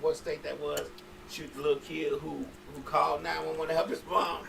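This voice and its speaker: A man's voice: fairly high pitch, little pitch movement, fairly quick, gravelly, a bit bright, a little hiss or hum, poor audio. A man co-hosting a casual podcast, asking short questions and reacting to the others. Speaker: podcast co-host. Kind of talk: casual chat.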